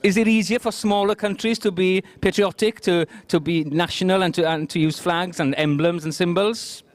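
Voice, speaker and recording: A man's voice: high voice, steady tone, moderate pace. A Welsh man hosting a bilingual street discussion, switching between Welsh and English mid-sentence. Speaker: host. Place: outdoors on a high street.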